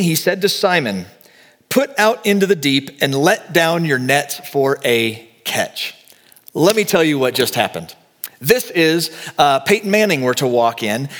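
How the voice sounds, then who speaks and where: A man's voice: on the high side, a bit bright, big-room sound. A man preaching a sermon, telling a story with animation and acting out the voices he quotes. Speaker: pastor.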